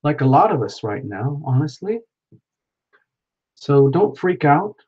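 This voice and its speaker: A man's voice: on the high side, big pitch swings, unhurried, darkish tone, slightly rough. A playful man chatting with his live viewers as he paints, narrating each step with frequent exclamations. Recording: dull lo-fi sound.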